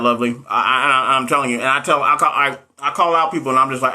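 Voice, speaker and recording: A man chatting live with his viewers, his voice bright and forward. He talks in a blunt, animated way and calls out to the audience as he goes, sometimes swearing. His pitch sits in the middle for a man. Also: quick pace. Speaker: livestream host giving nursing exam advice. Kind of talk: casual livestream chat.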